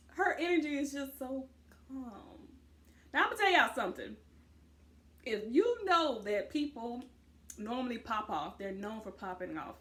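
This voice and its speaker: A young adult woman recapping a reality show in casual chat, loud and boisterous, acting out what people said. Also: on the high side. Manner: loud, boisterous storyteller who acts out quotes. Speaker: co-host reviewing a reality show.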